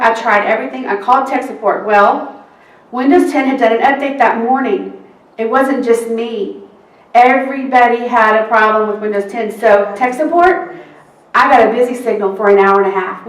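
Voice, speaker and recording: Speaking to a seminar crowd, a court reporter from Texas shares a story from her job, her slightly high voice shifting into the quoted parts of other people as she performs the exchanges with animation. The mic is distant, leaving an echoey room sound.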